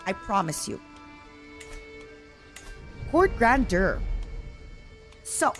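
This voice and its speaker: A woman VTuber streaming a strategy game, chatting casually and playfully pleading with the game as she plays. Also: mid-range voice. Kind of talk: casual live gameplay commentary.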